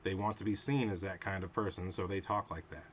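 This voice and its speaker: A man's voice: deep voice, steady tone, a little fast, a little hiss or hum. A man hosting his own show, giving casual analytical commentary on a TV episode, thinking aloud and wandering off on tangents. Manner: discursive, goes off on tangents, thinks aloud with restarts. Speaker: show host reviewing a TV episode.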